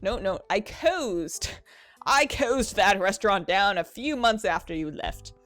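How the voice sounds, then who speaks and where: A grumpy old restaurant-owning uncle with a deliberately fake French accent, put on by a woman reading game dialogue. The lines swing up and down in a hammy, sing-song way, with faint game music behind. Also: mid-range voice, lively intonation, a bit bright. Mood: mock-French.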